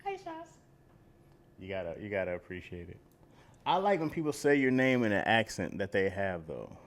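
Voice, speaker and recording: A man with a deep, low voice that still swings through a lively range, co-hosting a casual comedy podcast. He tells jokey stories, slipping into other people's voices as he goes. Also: fairly quick. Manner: joking storyteller who acts out other people's voices. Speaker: podcast co-host.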